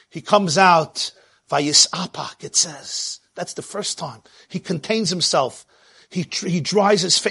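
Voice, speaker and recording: A man's voice: high voice, creaky, a bit bright, breathy edge. A man giving a sermon in a dramatic delivery that rises and falls, quoting Hebrew verses.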